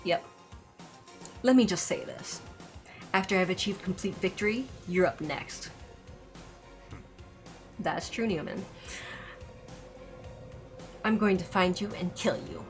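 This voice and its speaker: A woman's voice: on the low side, takes it slowly, long pauses. A woman voicing an arrogant, overconfident rich young man who speaks in cold, haughty threats. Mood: contemptuous. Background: music.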